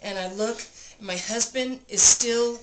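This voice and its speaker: A woman vlogger in a cabin room, telling a personal story in an animated, breathless way and repeating phrases for emphasis. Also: a little high, measured pace. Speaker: vlogger recounting an experience. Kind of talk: casual storytelling. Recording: roomy room with clear background noise.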